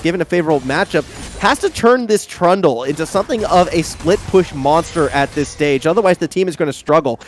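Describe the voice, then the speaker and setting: A man with an Australian accent doing lively play-by-play commentary on an esports match, chatty and joking. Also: fairly high pitch, slight background noise. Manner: animated, chatty, jokey asides. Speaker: esports caster.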